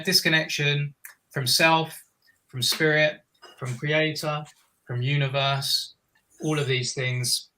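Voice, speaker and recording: A man's voice: medium pitch, bright, forceful tone, poor audio. A man speaking as a guest in a reflective conversation, earnest and meandering, often restarting his sentences.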